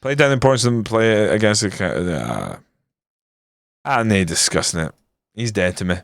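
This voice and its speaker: A man's voice: lowish voice, big pitch swings, normal speed, vocal fry, no echo, studio quality. A young man streaming a football management game, grumbling and swearing casually as he comments on his matches. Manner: frustrated, grumbling, swears often.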